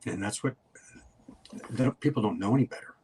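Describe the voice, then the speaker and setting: A man's voice: lowish voice, brisk, dark tone, husky. An older man, a guest in a casual interview, telling stories in a folksy, rambling way.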